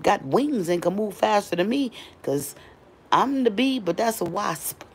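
A middle-aged woman talking casually to her live stream viewers from her home doorway on a phone, chatty and animated. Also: mid-range voice, moderate pace, creaky, husky.

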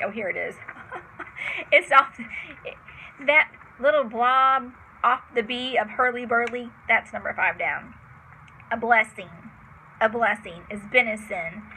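A woman's voice: a little high, creaky, sharp tone, a little hiss or hum, low-quality recording. A woman teaching a vocabulary lesson, patiently spelling out words letter by letter with chatty asides.

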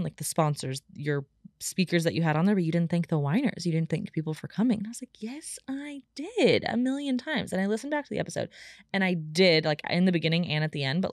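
A young woman talks through a solo podcast episode in a rambling, heartfelt way, leaning on "like" between thoughts. Her voice sits on the low side. The studio sound is dry and close. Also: dry recording. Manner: chatty and emotional, heavy use of "like". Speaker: podcast host.

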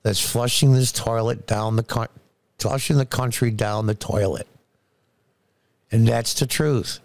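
A man's voice: mid-range voice, fairly even intonation, a little slow, vocal fry, darkish tone, dry recording. A man delivers opinionated political commentary with open scorn and sarcasm. He hammers his points by repeating words. His voice sits in a middle register and is recorded close and dry, with no room sound.

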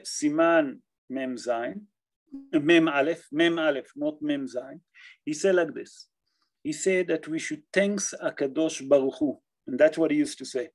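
A rabbi gives a Torah class in a gravelly voice that sits a bit high for a man. He talks in halting bursts, repeats phrases and restarts his sentences. He keeps checking in with his listeners. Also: darkish tone, rough recording. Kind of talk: Torah class on Jewish law.

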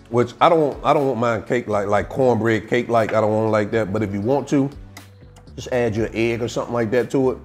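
A man hosting a casual home cooking video, chatting in a relaxed way as he tastes his dish. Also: medium pitch. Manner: laid-back, chatty, tastes food on camera. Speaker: home cook and channel host.

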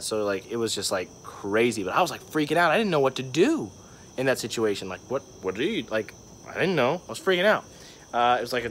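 A man's voice: medium pitch, fairly bright tone, a little hiss or hum. A young man telling a story to his vlog camera, rambling, with lots of "like" and "um". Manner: rambling, filler-heavy storytelling. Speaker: vlogger. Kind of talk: casual vlog monologue.

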